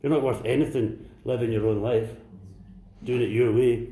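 A man preaching a sermon to a congregation, swinging between impassioned near-shouts and hushed whispers. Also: medium pitch, steady tone, moderate pace, echoey room. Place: church.

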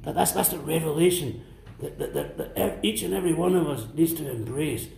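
A man's voice: fairly high pitch, fairly quick, vocal fry, slight background noise. Impassioned male preacher in an echoey hall. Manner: impassioned, rising to near-shouts and dropping to whispers. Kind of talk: sermon. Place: church.

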